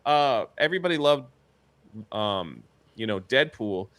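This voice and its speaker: A man's voice: medium pitch, lively intonation, unhurried, a bit bright. A man co-hosting a casual chat show, rambling loosely, trailing off and laughing as he talks. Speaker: co-host.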